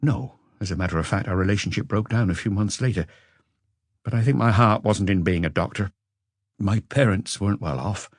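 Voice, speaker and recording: A man's voice: fairly low pitch, brisk, breathy edge, dry recording, clean studio sound. A man playing a weary, sleepless suspect. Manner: hesitant, earnest. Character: weary, sleepless forty-year-old man under questioning.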